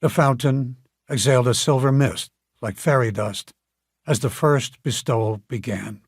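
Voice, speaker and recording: A man narrating an audiobook in a calm, measured storytelling manner. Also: mid-range voice, breathy edge, no echo, studio quality. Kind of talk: scripted narration.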